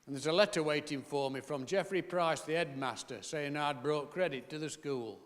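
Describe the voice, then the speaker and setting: A man's voice: fairly high pitch, normal speed, slight background noise. An older man with a Northern English Derbyshire accent, telling comic stories as an after-dinner speaker in a large hall. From Chesterfield, England. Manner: comic, punchy, rhetorical repetition. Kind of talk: storytelling speech to an audience. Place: large hall with live audience.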